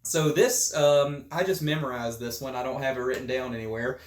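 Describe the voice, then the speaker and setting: A man's voice: medium pitch, fairly even intonation, brisk, echoey room. A man hosting a podcast, chatting casually in a joking, rambling way. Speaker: podcast host. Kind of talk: casual chat.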